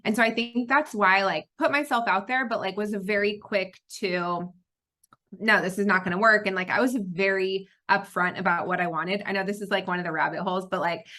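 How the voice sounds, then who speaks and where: Woman in her thirties, podcast host, bright voice, lively storyteller. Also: medium pitch, a little fast. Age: 30s. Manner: lively storyteller, laughs often. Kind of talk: casual chat.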